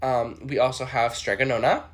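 A young adult host chatting solo in a campy, playful way. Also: male voice, mid-range voice, fairly even intonation. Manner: chatty, campy, jumps into quick impressions. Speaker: podcast host. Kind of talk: casual solo chat with impressions.

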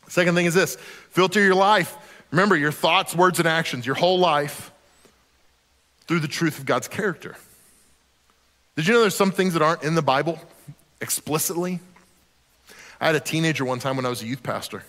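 A male pastor preaches in a somewhat high voice, earnest and conversational, often stumbling over the first word of a sentence. His voice rings out with a long reverb from a church hall. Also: a little fast, long pauses, bright, forceful tone. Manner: earnest, conversational, repeats words when starting sentences. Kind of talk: sermon.

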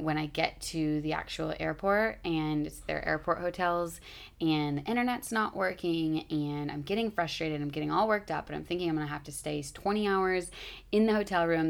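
A woman in her thirties talks through a travel story in a loose, rambling vlog style. Her voice sits low and has a gravelly rasp. She leans on "like" and "you know" as she goes. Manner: rambling, chatty, lots of "like" fillers.

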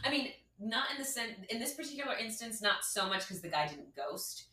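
A woman telling a dating story on a podcast, animated and full of restarts as she acts out what people said. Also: a little high, fairly quick. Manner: animated, acts out quoted voices, many restarts. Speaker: podcast guest. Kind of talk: casual storytelling chat. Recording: echoey room.

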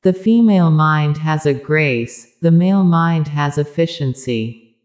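A spiritual teacher giving a calm, measured discourse with repeated, parallel phrasing. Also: mid-range voice.

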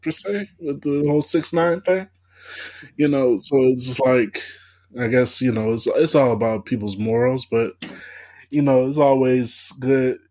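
Male co-host, mid pitch, slow and halting with lots of uhs. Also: steady tone, darkish tone. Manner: hesitant, many uh and you know fillers. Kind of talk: casual chat.

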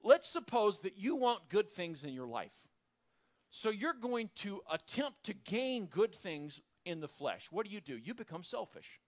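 A man teaching a sermon, reading scripture aloud and getting excited enough to shout at times. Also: very high voice, moderate pace. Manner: animated, bursts into excited shouting; reads scripture aloud, acts out quoted voices. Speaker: Bible teacher.

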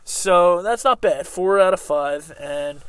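A man's voice: high-pitched, slow pace, fairly bright tone, clean tone, dry recording. Laid-back man quizzing his co-host. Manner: laughing, loose quizmaster. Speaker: podcast co-host. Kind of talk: casual chat.

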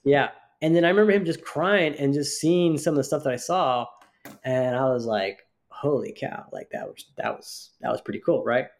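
Male podcast co-host, mid-pitched, talks in long rambling anecdotes. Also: moderate pace. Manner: rambling storyteller, many restarts and fillers. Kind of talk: casual chat.

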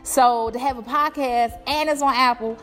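Speaking at a normal pace with a steady, fairly bright tone, this young entrepreneur and vlogger has a slightly high voice. She addresses her viewers on camera in a casual, blunt motivational talk full of swearing, over music and a long echo.

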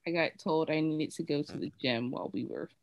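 Low-pitched woman, casual podcast chat, dry close sound, rambly frank stories. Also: fairly quick, no room sound, dull audio. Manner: candid, rambling storytelling with many fillers. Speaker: podcast co-host.

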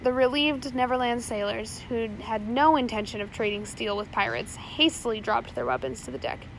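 Fairly high-voiced woman reading a storybook. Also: normal speed, slight background noise, poor audio. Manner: steady reading with small slips. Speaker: audiobook narrator. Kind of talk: audiobook narration.

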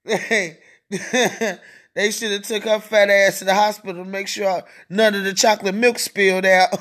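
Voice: mid-range voice, fairly even intonation, slow, pauses often, fairly bright tone. A podcast host delivering a profane, mocking solo rant, laughing often between lines.

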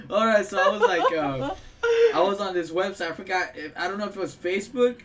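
A young man with a high, animated voice swinging up and down as he rambles through gaming stories. His tone is piercingly bright and he swears constantly, cracking himself up. A faint hiss of noise sits under the recording. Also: brisk. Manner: profane, laughing, swings from storytelling to yelling at his partner. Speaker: gaming video host. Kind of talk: casual gaming chat with a friend.

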